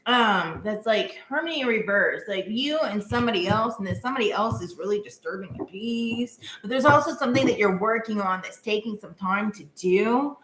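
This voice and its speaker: A woman's voice: medium pitch, animated, normal speed, few pauses, fairly bright tone, roomy sound, a little hiss or hum. A woman doing a live-stream tarot reading in a chatty, casual way, full of filler words and giggles. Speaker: tarot reader.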